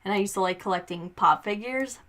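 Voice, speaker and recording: Woman, podcast co-host, casual chat, mid pitch, lots of fillers and restarts, laughs often. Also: a little fast, a bit bright.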